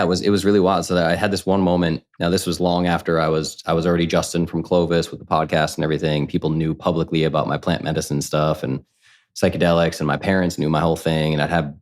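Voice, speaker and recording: A man in his thirties, a podcast guest, telling a personal story in casual conversation, candid and animated, acting out what others said. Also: sits low. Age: 30s. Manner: candid, animated, quotes people in lively voices.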